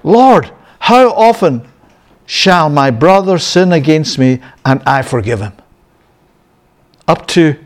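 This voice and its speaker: A man's voice: fairly high pitch, big pitch swings, slow, pitched above the performer's own voice. A man doing a bold incredulous fisherman.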